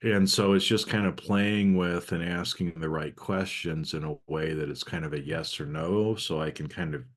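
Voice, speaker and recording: Low-voiced man in meandering chat. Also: fairly even intonation, moderate pace. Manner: loose, meandering, frequent fillers. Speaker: podcast host. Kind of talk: casual conversation.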